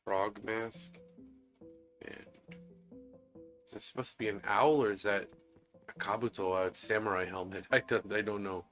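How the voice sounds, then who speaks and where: A man giving casual, animated let's-play commentary, talking to viewers as he plays. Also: lowish voice, a little slow, long pauses, faint music behind. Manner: animated, excitable, talks to viewers. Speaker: gaming video creator.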